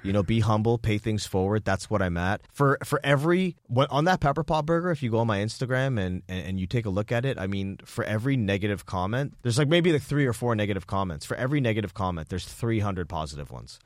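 A man's voice: lowish voice, expressive, quick pace, few pauses, no room sound, clean studio sound. A young man from Toronto, a chef talking as a guest in a casual, enthusiastic interview, chatty and full of "you know". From Toronto, Canada.

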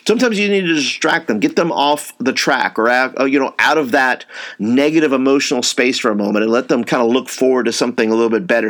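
Man, casual instructor, numbered tips, acts out what to say, fillers and restarts, middle pitch. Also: fairly quick, fairly bright tone. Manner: conversational, acts out example dialogue, many fillers and restarts. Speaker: youth ministry trainer. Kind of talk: informal teaching talk.

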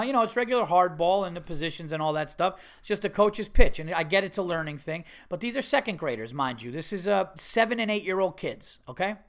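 A middle-aged man hosting a podcast, telling a story in a casual, animated and exasperated way, swearing freely. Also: a little high. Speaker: podcast host.

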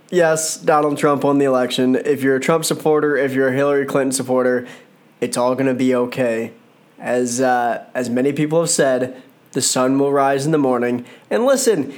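A man's voice: mid-range voice, moderate pace. A man giving casual solo commentary on a wrestling show, rambling, joking and correcting himself as he goes. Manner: rambling, self-correcting, jokey.

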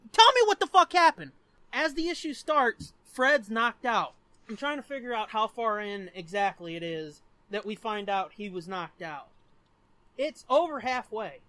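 A man's voice: very high voice, bright, forceful tone, no room sound. A man co-hosting a podcast who rants about a comic book in emphatic, profane casual chat. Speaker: podcast co-host.

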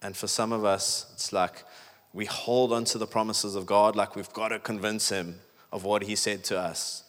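Pastor preaching in echoey hall. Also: male voice, on the low side, fairly even intonation, normal speed, fairly bright tone. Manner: conversational, emphatic preaching with many "like"s. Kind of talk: sermon. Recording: echoey hall with long reverb.

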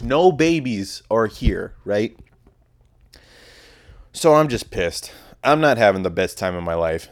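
A young man from telling a rambling, profane story about a night out on his podcast. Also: medium pitch. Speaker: podcast host. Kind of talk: casual storytelling monologue.

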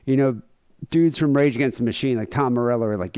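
A man's voice: mid-range voice, quick pace, mellow, smooth, no room sound, clean studio sound. A man co-hosting a podcast in casual comedic chat, rambling with lots of fillers and jokey asides. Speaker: podcast co-host.

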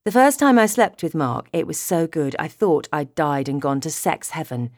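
Low, lively woman audiobook narrator. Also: normal speed, dry recording, clean studio sound. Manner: expressive, storytelling. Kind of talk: first-person audiobook narration.

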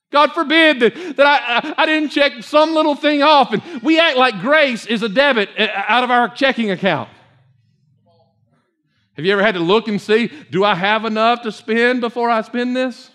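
A male pastor delivers a fervent sermon in a strikingly high, bright voice. He repeats himself as he builds and pushes toward near-shouts, speaking to a congregation in church. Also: normal speed.

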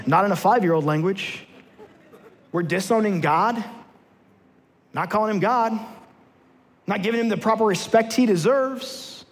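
A man's voice: high voice, long reverb tail. A man preaching a sermon to his church, telling a personal story and then leading repeated rallying declarations. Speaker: pastor. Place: church sanctuary.

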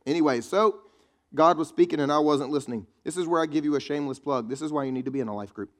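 A man preaching, keeping the tone chatty and teasing his congregation between points. His voice sits a bit higher than most men's. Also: fast talker. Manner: conversational preaching with quips to the congregation. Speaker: pastor. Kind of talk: sermon.

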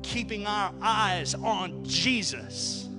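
High-voiced male pastor preaching. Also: lively intonation, drawn-out words, music in the background. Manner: call-and-response, repeats key phrases for emphasis. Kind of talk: sermon. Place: church before a congregation.

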